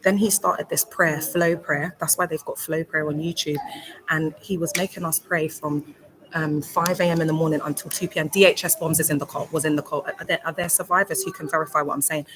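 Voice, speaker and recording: A woman's voice: sits low, steady tone, fairly quick, a crowd in the background, low-quality recording. A woman talking casually on a livestream from a hospital, emotional and rambling, greeting chat viewers by name. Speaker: livestreamer, cult survivor. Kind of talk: casual live-stream talk. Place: hospital room. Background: hospital background noise.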